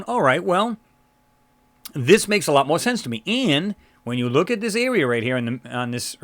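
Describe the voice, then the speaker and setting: A man's voice: mid-range voice, a bit bright, no echo. Rambling man with a scratchy throat. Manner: rambling, many fillers and restarts. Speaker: channel host. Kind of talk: casual screen-share commentary.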